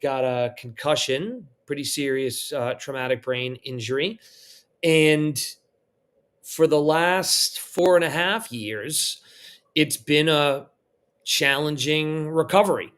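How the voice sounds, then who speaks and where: A man's voice: on the high side, slow pace, a bit bright, smooth. A man, a restaurant founder on a live panel, speaking in a conversational, reflective way.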